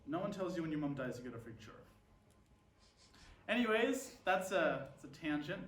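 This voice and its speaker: A man doing a stand-up comedy monologue, full of sardonic, dark deadpan humor. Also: fairly high pitch, moderate pace, slight background noise. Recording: roomy sound from a distant mic with faint ambience.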